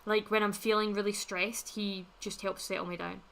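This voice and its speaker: Young woman, livestream host; bright, clear voice; blunt and chatty with viewers. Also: mid-range voice, level tone, normal speed, a little hiss or hum. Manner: chatty, blunt, swears freely, laughs often. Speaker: livestream host reading chat. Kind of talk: casual chat.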